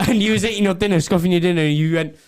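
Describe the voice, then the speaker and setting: Young male co-host, a bit high-voiced, giggly and teasing. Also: rapid-fire. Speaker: podcast co-host. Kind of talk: casual chat.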